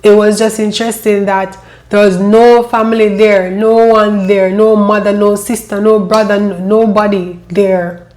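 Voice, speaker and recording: A woman telling her own life story, emotional and halting, often repeating her phrases. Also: mid-range voice, little pitch movement, a little mellow. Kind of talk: personal storytelling.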